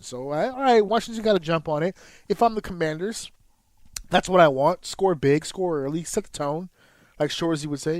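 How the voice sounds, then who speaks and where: A podcast co-host, a man in his thirties, recounts a sports story with profanity and animation, spiking sharply higher in pitch as he gets worked up. The recording is dry, and his pace is moderate.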